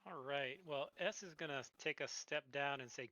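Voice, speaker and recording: A man's voice: mid-range voice, measured pace, bright, forceful tone, clear, resonant tone, low-quality recording. A man playing in a tabletop game, casual and blunt, swearing easily. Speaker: player.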